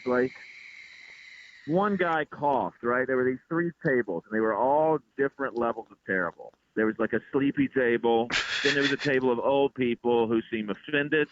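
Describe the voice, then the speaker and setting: A man, a comedian being interviewed, telling stories in an exasperated, animated way. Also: medium pitch, a little hiss or hum. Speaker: comedian guest. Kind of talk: casual interview chat. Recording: tinny phone-like line.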